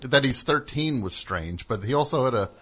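A man's voice: medium pitch, animated, normal speed, a bit bright, breathy edge. A man hosting a comedy radio show, questioning a caller in a dry, wry way. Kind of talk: casual comedy radio talk.

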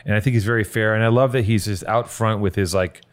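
A man hosting a casual comedy podcast, rambling and swearing as he riffs, restless and quick to jump between thoughts. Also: fairly low pitch, fairly even intonation, smooth. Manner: rambling, profane, restless, riffing. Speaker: podcast host.

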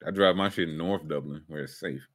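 A man's voice: very deep voice, fairly quick, a bit bright. A man co-hosting a podcast, joking loosely in casual sports chat, often trailing off and restarting. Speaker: podcast co-host.

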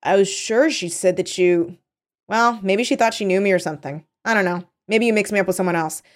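A woman's voice: medium pitch, brisk, lightly acted. Earnest, flustered teenage boy from a read-aloud, voiced by a woman.

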